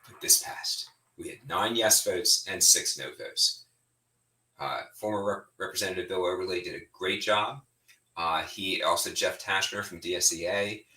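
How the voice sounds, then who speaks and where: A middle-aged man talks bluntly and with heat, his voice low-pitched but bright and edgy. He sounds set back from the microphone in a room with a noticeable echo. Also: far from the mic. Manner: animated, heated, speaks bluntly. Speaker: state representative giving an update. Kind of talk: informal spoken update.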